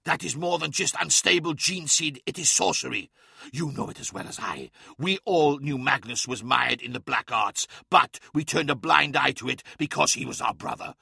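A hot-tempered barbarian warlord barks his words with a gravelly bite, as a man puts him on for an audiobook. The delivery is loud and angry, and the sound is close and dry. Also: mid-range voice, normal speed, no room sound, exaggerated voice.

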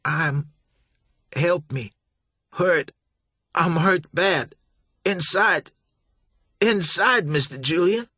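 A man's voice: a little high, drawn-out words, pauses often, sharp tone, slightly rough, dry recording, voice pushed up, full character voice. A man voicing a badly hurt young man begging for help in a strained, gasping whisper, in an audiobook. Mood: pained begging. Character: dying broken young man begging, pained.

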